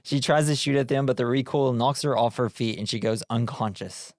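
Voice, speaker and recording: A man's voice: medium pitch, brisk, darkish tone, dry recording, clean studio sound. A man co-hosting a podcast, recapping a movie in casual chat, rambling with lots of fillers and frequent laughs. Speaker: podcast co-host.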